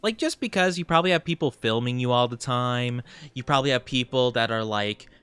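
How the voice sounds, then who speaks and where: A young man streaming a game as a VTuber, chatting casually and rambling with lots of fillers and quick laughs. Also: mid-range voice, fairly bright tone, clear, resonant tone, dry recording, faint music behind. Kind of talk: casual chat while playing a game.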